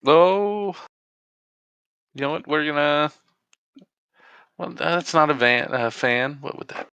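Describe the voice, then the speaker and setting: A man narrating as game master of a tabletop game, in a halting, stop-and-start way. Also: fairly high pitch, expressive, vocal fry, bright, forceful tone, smooth, no room sound, highs cut off.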